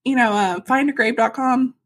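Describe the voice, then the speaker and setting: A woman from Arkansas chats on a podcast, spinning stories with sarcastic asides. Her voice sits a little high, with a gravelly, husky edge. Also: normal speed, a bit bright. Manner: chatty storyteller, sarcastic asides, frequent laughs. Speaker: podcast co-host. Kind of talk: casual chat.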